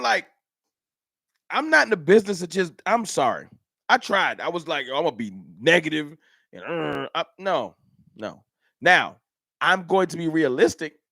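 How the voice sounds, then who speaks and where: A man's voice: fairly high pitch, gravelly, a bit bright, no room sound, clean studio sound. A man hosting a casual fan livestream, talking straight to his chat viewers. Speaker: livestream host. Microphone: camera mic.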